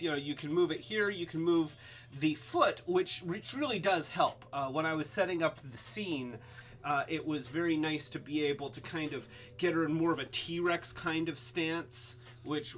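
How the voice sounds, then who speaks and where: A man hosting a casual toy live stream, rambling and halting, with many restarts and fillers, and calling himself by a nickname in the third person. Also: on the high side, a bit bright, slight background noise. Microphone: webcam.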